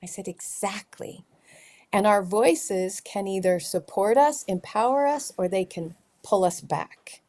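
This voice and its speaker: Animated middle-aged woman telling stories. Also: medium pitch, unhurried, hardly any pauses. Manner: animated storyteller acting out dialogue. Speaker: guest, teen leadership trainer. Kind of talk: conversational interview storytelling.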